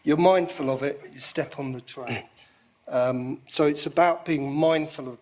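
A man's voice: fairly high pitch, measured pace, darkish tone. A man speaking as a guest in a candid conversation, self-deprecating and jokey.

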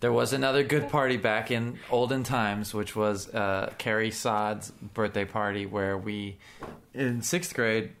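A man's voice: on the low side, fairly even intonation, a little slow, gravelly, fairly bright tone. A young man co-hosting a casual chat, joking around and slipping into silly voices. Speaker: podcast co-host.

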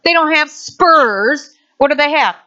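Woman pastor, sermon, bright and sharp tone, dull lo-fi recording. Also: high voice. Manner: animated, acts out quick voices. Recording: dull lo-fi sound.

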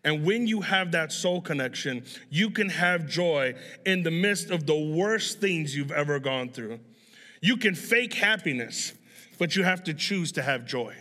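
A man's voice: fairly high pitch, expressive, a little slow, bright, forceful tone, long reverb tail. A young man, a pastor, preaching a sermon in a conversational, storytelling way.

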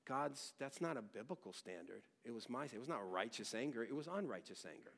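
A middle-aged man delivering a sermon with a mid-range voice. He moves between loud, emphatic teaching and quiet, hushed storytelling. His tone is frank and personal, with frequent restarts. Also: medium pitch, animated, fairly quick, vocal fry. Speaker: pastor.

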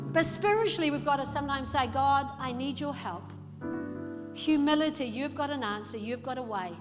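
A woman delivers a sermon in a high voice, pressing her listeners with rhetorical questions. Her words ring through a reverberant hall while music plays underneath. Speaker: pastor. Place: church hall.

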